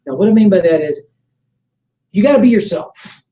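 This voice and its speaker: A middle-aged man leading a motivational sales training seminar. He coaches with energy, keeps checking that the room is following, and acts out sample pitches. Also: expressive, moderate pace, warm tone, low-quality recording. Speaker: network marketing trainer.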